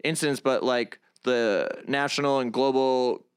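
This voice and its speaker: A young man with a smooth, clean voice speaks as a guest in a relaxed interview. He talks earnestly, stumbling and restarting as he works through his thoughts, and leans on a lot of fillers along the way. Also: medium pitch, measured pace. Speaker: guest, comedian and activist vlogger. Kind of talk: conversational interview.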